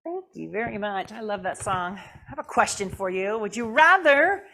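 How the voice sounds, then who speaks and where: A woman's voice: mid-range voice, expressive, normal speed, gravelly, a bit bright, a little hiss or hum. A woman guest speaker giving a conversational sermon in church. She asks the audience questions and acts out the voices she quotes. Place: church sanctuary.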